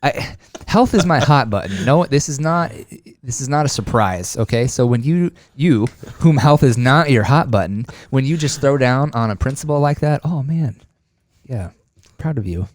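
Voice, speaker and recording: A man's voice: medium pitch, animated, moderate pace, a little mellow, no room sound. A man hosting a podcast interview, enthusiastic and affirming as he asks questions. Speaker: podcast host. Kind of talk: casual interview chat.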